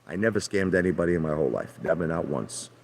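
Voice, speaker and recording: A man's voice: deep voice, lively intonation, fast talker, creaky, slightly rough. A man hosting a livestream from his hot tub, rambling brashly to viewers, repeating himself and calling them out by name. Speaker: livestream host. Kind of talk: rambling live chat with viewers.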